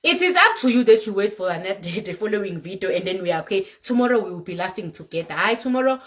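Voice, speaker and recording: A woman's voice: medium pitch, animated, quick pace, few pauses. A young South African woman with a South African accent, lecturing her commenters in an emphatic vlog rant and slipping in Zulu words. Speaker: content creator. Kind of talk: direct-to-camera rant vlog.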